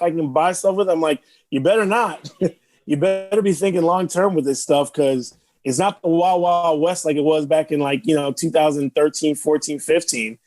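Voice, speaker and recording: A man with a somewhat high voice co-hosts a podcast. He talks casually and rambles, often restarting his thoughts. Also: a little mellow. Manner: rambling, restarts, easy laughter. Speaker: podcast co-host. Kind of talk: casual chat.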